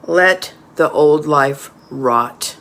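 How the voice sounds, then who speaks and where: A man's voice: a little high, very slow, sharp tone. A man reading a scripted motivational speech in a firm, emphatic way.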